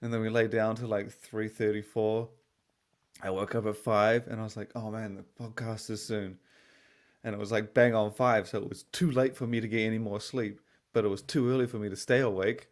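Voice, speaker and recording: Tired young guy on a podcast, lowish voice, swears a lot and rambles through his story. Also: level tone, a little fast. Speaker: podcast co-host. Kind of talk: casual podcast chat.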